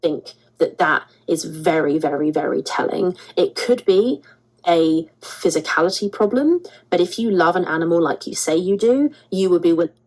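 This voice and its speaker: A woman's voice: fairly low pitch, normal speed, darkish tone, rough recording. A woman hosting a drama commentary show, talking through a prepared script and repeating words for emphasis. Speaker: commentary host.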